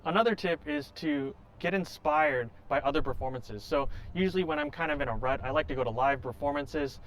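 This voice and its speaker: A man who plays violin, hosting a tutorial and calmly explaining step by step, now and then singing short examples. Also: fairly high pitch, fairly quick, a little hiss or hum. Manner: clear, explanatory, with sung examples. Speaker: violin teacher and channel host. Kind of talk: instructional talk to camera. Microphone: home recording setup.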